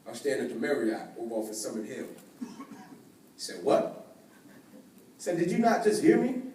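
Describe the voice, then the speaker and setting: A man telling a personal story to an audience, acting out the voices of the people in it and swinging between hushed and excited. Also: mid-range voice, measured pace. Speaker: motivational speaker. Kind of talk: storytelling keynote speech. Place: large event hall. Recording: echoey hall from far off, faint noise.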